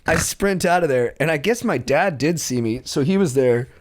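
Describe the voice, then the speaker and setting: Man telling a story with animated delivery. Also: on the high side, moderate pace. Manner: animated, acts out quotes, laughs through his stories. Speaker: comedian guest. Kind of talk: casual podcast storytelling.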